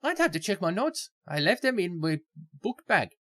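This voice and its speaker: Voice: mid-range voice, big pitch swings, normal speed, a bit bright, no echo, pitched above the performer's own voice. A game player reading the lines of a young woman history student in a put-on, stereotypical Irish accent. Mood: polite. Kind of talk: voicing game dialogue while playing.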